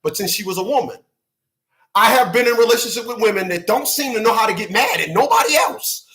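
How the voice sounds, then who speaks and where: Ranting live to his channel, this New York–New Jersey host speaks in a high-pitched, pushed and bright voice at a brisk clip. He's profane, emphatic and repetitive, with frequent laughter, all off the cuff.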